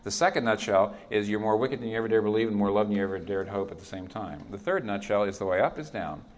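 Male pastor, lowish voice, earnest and emphatic preaching style, quiet firm delivery on key lines. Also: quick pace. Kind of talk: sermon.

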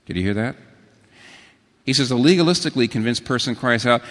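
A middle-aged male pastor delivering a sermon, his voice leaping between soft, low asides and lifted, emphatic questions. He tells stories and reads quotations aloud, and the sound carries the long reverb of a big church hall. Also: a little fast, pauses often. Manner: animated storytelling with sudden pitch swings and quotations.

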